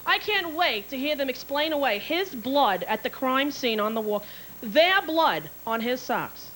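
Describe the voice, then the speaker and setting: Brash high-voiced woman doing stand-up. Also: very animated, a little slow, low-quality recording. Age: 30s. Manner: brash, swearing, acts out voices. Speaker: stand-up comedian. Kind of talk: stand-up comedy set. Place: large theater stage. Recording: live stage show with loud crowd and noise. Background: audience laughing.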